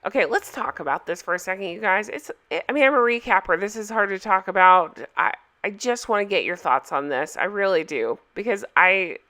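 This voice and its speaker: A woman recapping a reality show in a casual, opinionated way, hoarse from a cold and asking viewers for their thoughts. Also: mid-range voice, animated, a little fast, few pauses, bright, forceful tone. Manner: chatty, opinionated, asks viewers for comments.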